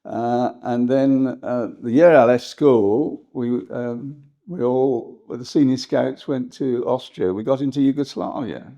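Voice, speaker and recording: An older English historian reminiscing in an interview, rambling and hesitant, with frequent laughs. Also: male voice, medium pitch, measured pace, few pauses, mellow, highs cut off. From England. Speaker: historian guest.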